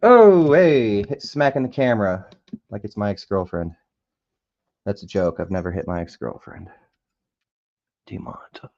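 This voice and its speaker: A man's voice: lowish voice, animated, normal speed, a little mellow, dull audio. A man picking a lock on camera, muttering and whispering to the pins, swearing and cracking jokes as he goes. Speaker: hobbyist lock picker. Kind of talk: casual talk-along while lock picking. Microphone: camera close by.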